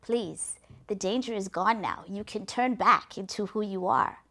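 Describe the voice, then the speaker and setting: A woman's voice: mid-range voice, unhurried, bright, forceful tone. A woman voicing a frightened husband who begs and stammers in a folktale. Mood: pleading. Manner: begging, stammering. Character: frightened pleading husband, grown man.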